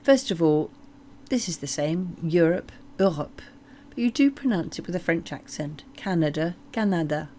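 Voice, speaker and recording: Woman, French lesson, slightly low voice, deliberate modeling, faint background hiss. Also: expressive, darkish tone. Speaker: French teacher. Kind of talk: explanatory language lesson.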